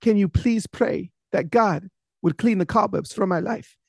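Frail old woman begging for prayer, raised pitch, slow, as a man acts her. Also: gravelly, breathy edge, no room sound, clean studio sound, exaggerated voice. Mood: pleading. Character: frail, tearful very old churchwoman.

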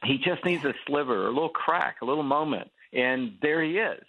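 A man who is a pastor and guest tells a story in an animated preaching style and acts out the quotes, heard over a tinny phone line. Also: fairly high pitch, moderate pace.

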